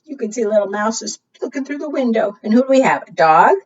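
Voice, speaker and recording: A woman librarian reading a picture book to preschool children, animated, asking them questions and singing along. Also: a little high, quick pace, hardly any pauses, slightly rough. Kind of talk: preschool storytime read-aloud. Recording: distant, dull lo-fi sound.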